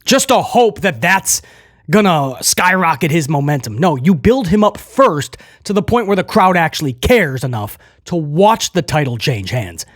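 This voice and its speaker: A man reviewing a wrestling show in casual commentary, animated, laughing often and addressing viewers directly. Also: on the high side, moderate pace, dry recording, clean studio sound.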